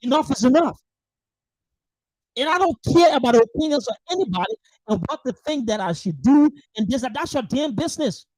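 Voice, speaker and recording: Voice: high-pitched, lively intonation, a little fast, darkish tone, no room sound, rough recording. Fierce, swearing political livestream host. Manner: fierce, emphatic, repeats rhetorical questions, swears. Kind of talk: angry political monologue. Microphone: livestream microphone.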